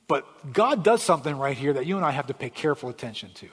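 A male pastor preaching a sermon, swinging from hushed lines to shouts. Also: fairly high pitch, brisk, few pauses, breathy edge. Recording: long hall reverb.

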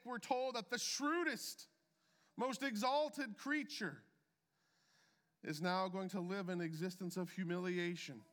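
A man preaching a sermon as a pastor, measured, with deliberate pauses and emphatic drops. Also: sits high, pushed and bright, big-room sound. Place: church sanctuary.

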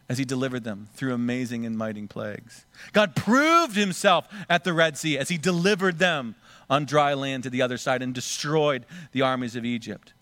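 A man's voice: medium pitch, pushed and bright, no echo. A man preaching a sermon, acting out the scripture voices dramatically. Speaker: pastor.

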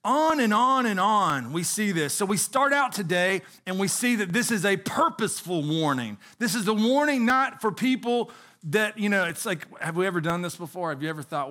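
High, bright-voiced preaching man. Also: animated, moderate pace. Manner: earnest preaching with rhetorical questions. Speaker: pastor. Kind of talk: sermon.

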